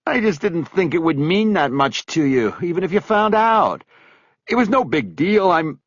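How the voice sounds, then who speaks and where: A guilty, pleading middle-aged man with a whiny, strained tone, his voice pushed high and tight, as a male narrator puts him on. The audiobook recording is dry and a little muffled. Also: wildly swooping pitch, unhurried, a bit bright, breathy edge, dry recording, heavily acted.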